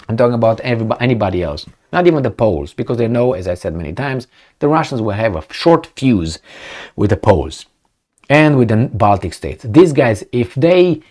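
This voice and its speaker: A man hosting a casual political commentary, blunt and animated, who acts out imagined conversations as he goes. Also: medium pitch, fairly quick.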